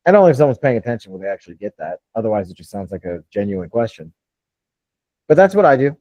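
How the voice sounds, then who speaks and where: A man's voice: medium pitch, a little fast, dry recording, highs cut off. A man hosting a live Q&A call and coaching real estate wholesalers, blunt and casual, swearing freely.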